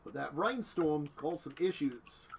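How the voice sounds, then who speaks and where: A game master narrating a tabletop game, rambling and filling every pause with "like". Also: mid-range voice, lively intonation, creaky, a little hiss or hum, rough recording. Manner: rambling, full of "like" fillers.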